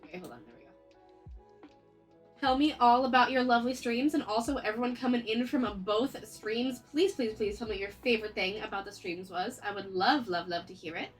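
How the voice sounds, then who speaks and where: A woman's voice: fairly high pitch, a little fast, rough recording. A woman live-streaming as an artist, chatting casually and greeting viewers over and over, her nose stuffy from a cold. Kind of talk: casual livestream chat. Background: faint background music.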